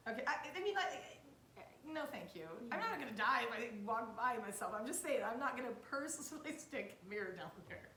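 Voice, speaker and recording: A bright-voiced woman co-hosting a podcast, gossiping with lively swings in her pitch and frequent giggles. She acts out what others said. The sound is roomy and echoey, with a faint hum behind her. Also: brisk. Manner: animated, giggly, quotes people in voices. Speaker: podcast co-host. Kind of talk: casual gossip chat.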